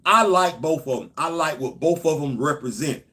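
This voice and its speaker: High-voiced man, emphatic host. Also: normal speed, sharp tone. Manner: emphatic, repeats points, addresses viewers directly. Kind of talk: casual livestream commentary.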